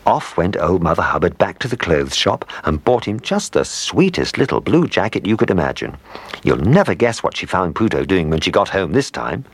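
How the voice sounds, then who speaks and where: Brief: low-voiced male storyteller, husky tone, very lively swings in pitch. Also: moderate pace, no echo. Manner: gentle, animated reading with asides to the listener. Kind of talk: scripted storybook narration.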